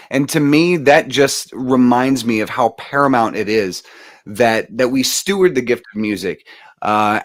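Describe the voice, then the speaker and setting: A man's voice: medium pitch, no echo, clean studio sound. A man speaking as a guest musician, earnest and rambling, with many fillers and restarts in a casual motivational talk.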